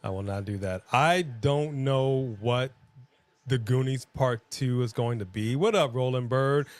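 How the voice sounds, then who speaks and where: A man's voice: medium pitch, measured pace, no echo. A man co-hosting a live wrestling watch-along stream, chatting casually, joking and laughing often.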